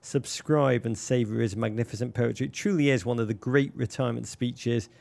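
A man's voice: mid-range voice, steady tone, brisk, vocal fry, a little mellow. A man co-hosting a casual podcast chat, playful, florid and theatrical. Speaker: podcast co-host.

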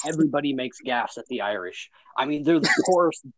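A man's voice: mid-range voice, animated, brisk, a loud crowd, low-quality recording. A man co-hosting a casual podcast, sarcastic and bossy about the rules. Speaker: podcast co-host.

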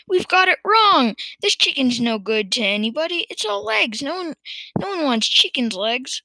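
A woman voicing an excitable middle-aged farmer father who shouts in a shrill, frantic way. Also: moderate pace, gravelly, no echo, exaggerated voice.

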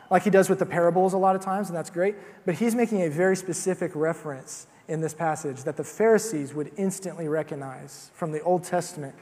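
A man's voice: sits high, darkish tone, long reverb tail. A man preaching a sermon in a conversational way, with fillers and repeated starts.

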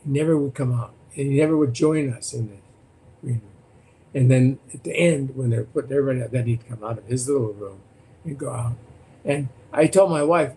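An older man, a former political candidate, recounting debate stories as a guest in an animated way, often repeating words. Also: medium pitch, a little fast. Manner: animated, repeats words and restarts, acts out quotes. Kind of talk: anecdotal storytelling in conversation.

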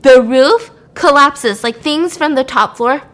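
A young woman hosting a podcast, casually recapping a horror story in an animated, laughing, profane way. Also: high voice, unhurried. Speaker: podcast host.

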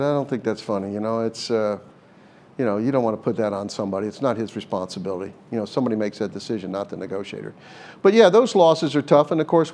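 An older man speaks in a steady, mid-pitched voice as a guest in a conversational interview. He tells stories earnestly, often restarting phrases as he thinks, with an occasional laugh. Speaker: former hostage negotiator, guest.

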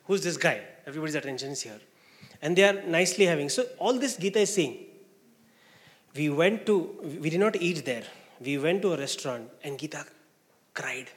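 A man's voice: fairly high pitch, normal speed. A man with an Indian English accent telling a personal testimony, acting out the people he quotes. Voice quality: animated, acts out the people he quotes. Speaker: speaker giving a personal testimony. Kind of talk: storytelling testimony. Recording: long hall reverb.

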